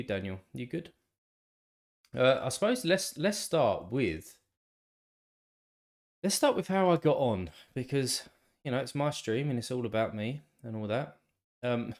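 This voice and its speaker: A man's voice: mid-range voice, animated, a little slow, creaky, pauses often. A man hosting a casual live stream, with a congested, nasal voice, rambling along and talking to his viewers by name. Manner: rambling, talks to chat viewers by name, many restarts. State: congested, still a bit tired.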